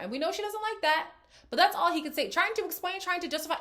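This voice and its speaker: A woman's voice: very high-pitched, big pitch swings, fast talker, sharp tone. A woman hosting a reality TV recap, talking casually and frankly and acting out what the cast said. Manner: candid, frank, acts out quoted lines. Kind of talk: casual reaction commentary.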